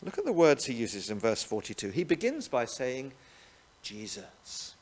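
A man's voice: medium pitch, wildly swooping pitch, fairly quick. A man preaching a sermon, often ending points with rhetorical tag questions. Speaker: pastor.

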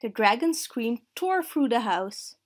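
A woman reading a children's picture book aloud in a slow, clear, expressive way. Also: on the high side. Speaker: storyteller.

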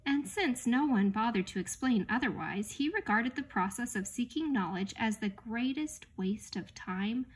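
A woman narrating a children's novel in an unhurried, expressive read-aloud manner. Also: a little high, breathy edge. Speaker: audiobook reader. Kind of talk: storybook narration.

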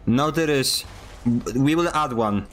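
A playful man streams games casually, teasing in a mock-dramatic way. His first language is Polish, and he speaks slowly in a mid-range voice with a fairly bright tone.

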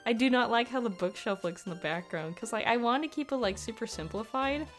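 A woman's voice: on the high side, lively intonation, brisk, a bit bright, faint music behind. A young woman giving casual, rambling commentary over a speed paint, giggling often and poking fun at her own work. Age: young adult. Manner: giggly, rambling, self-deprecating. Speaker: digital artist.

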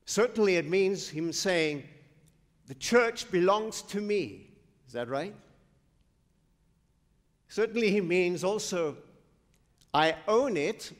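A pastor preaching a sermon, slow and emphatic, quizzing the congregation. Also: male voice, sits high. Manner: slow, emphatic preaching with call-and-response questions. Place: church sanctuary. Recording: long church hall reverb.

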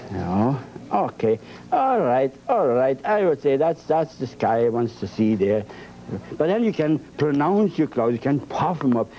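A man's voice: mid-range voice, sing-song, measured pace, warm tone, a little hiss or hum. A man teaching a painting lesson, talking with emphatic, playful repetition. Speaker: painting instructor. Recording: dull lo-fi broadcast sound.

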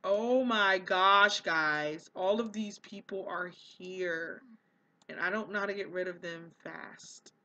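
A woman hosting a casual gameplay commentary, excitable and gushing, slipping into quoted voices for the characters. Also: on the low side, slow pace, highs cut off. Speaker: let's play host.

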